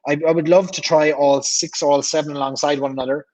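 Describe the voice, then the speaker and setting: A man's voice: fairly high pitch, fairly even intonation, quick pace, a little mellow, lo-fi sound. Chatty Irish man hosting a livestream. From Ireland. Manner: chatty, repeats himself, reads viewer comments aloud. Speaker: livestream host. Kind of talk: casual livestream chat reading comments.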